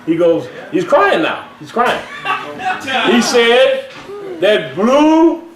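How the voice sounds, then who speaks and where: A man preaching a sermon in church, telling a story in an animated way and laughing as he goes. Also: very high voice, slow, crowd noise. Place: church hall with congregation. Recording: echoey live church stream from far off. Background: congregation responding.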